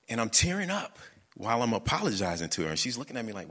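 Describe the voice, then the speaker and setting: A man telling a personal story on stage, earnest and reflective, often halting and restarting. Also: fairly low pitch, expressive, pushed and bright, long reverb tail.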